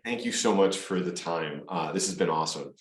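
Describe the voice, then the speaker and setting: A man with a very low voice hosts an interview over a video call. He talks casually and often restarts his sentences mid-thought. The sound is roomy and echoey. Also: fairly quick. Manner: restarts phrases often, conversational. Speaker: host, venture partner. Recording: echoey room.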